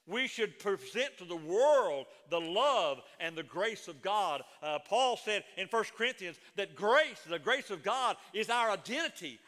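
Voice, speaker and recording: A man's voice: high-pitched, sharp tone, long reverb tail. A middle-aged man preaching a sermon as a pastor, moving between folksy stories and emphatic proclamation.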